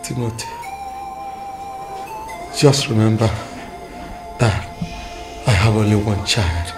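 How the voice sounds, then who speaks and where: An actor with a Nigerian accent playing an older, dying Christian father who speaks slowly and gravely. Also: lowish voice. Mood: solemn. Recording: music playing behind.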